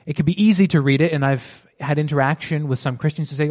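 A man giving a conversational Bible teaching, reading scripture slowly and explaining it with casual fillers and restarts. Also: on the high side, darkish tone.

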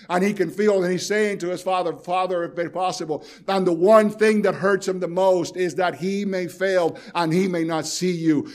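A man preaching a sermon, speaking with pleading intensity and addressing his listeners directly, repeating phrases for emphasis. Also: sits high. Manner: pleading, rising and falling in intensity.

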